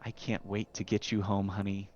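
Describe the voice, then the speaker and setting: A man voicing a smarmy, sinister male suitor who talks in a soft, low, oily tone with menace under the sweetness. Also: level tone, normal speed, close to an everyday voice. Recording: dull lo-fi recording with faint hiss.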